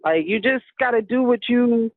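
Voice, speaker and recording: Woman caller, animated and sassy, phone-line sound, very lively pitch. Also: normal speed. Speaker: caller on a dating radio show. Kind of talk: casual phone storytelling.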